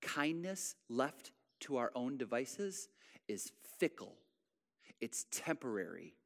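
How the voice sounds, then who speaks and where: A man preaching a sermon, repeating phrases and swinging between soft, low lines and loud, emphatic ones. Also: big pitch swings, takes it slowly, creaky, big-room sound. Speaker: pastor.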